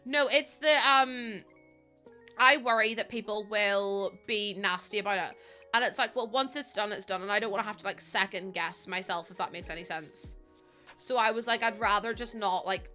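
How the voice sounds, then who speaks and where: Northern irish girl yapping to her stream chat, giggly, swears a bit, sharp bright tone. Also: medium pitch. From Northern Ireland. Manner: chatty, laughs often, swears. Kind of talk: casual chat to a live stream audience.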